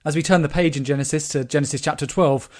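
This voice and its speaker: A man's voice: on the high side, fairly even intonation, quick pace, a little mellow. A man preaching a sermon, explaining scripture with rhetorical questions.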